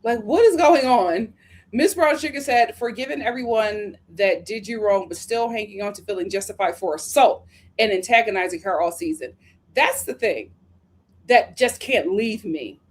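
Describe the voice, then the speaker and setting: An American woman hosting a live review stream. She reads viewer comments aloud and answers them in slangy, chatty talk, laughing often and drifting into quick asides. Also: medium pitch, expressive, breathy edge. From United States. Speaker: reality TV reviewer hosting a livestream. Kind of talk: casual livestream commentary reading viewer comments.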